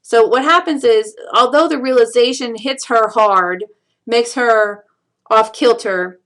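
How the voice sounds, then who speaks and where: A woman teaching a screencast lesson on a poem, reading lines slowly and counting syllables aloud, with patient explanations and frequent fillers. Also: a little high, a bit bright. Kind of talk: recorded screencast lecture.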